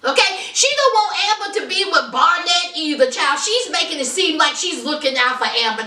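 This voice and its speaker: A woman's voice: extremely high pitch, moderate pace, hardly any pauses, distant mic. A woman with recapping a reality show in a casual, gossipy way, dramatically acting out what people said. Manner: animated, dramatic, acts out quotes with laughter. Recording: echoey room, somewhat off mic.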